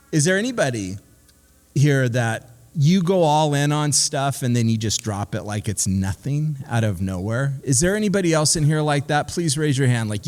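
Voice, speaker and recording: A man preaching a relaxed, conversational sermon as pastor, telling stories with lots of fillers and growing animated. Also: fairly high pitch. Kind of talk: casual sermon with storytelling. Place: church sanctuary. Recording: long church hall reverb.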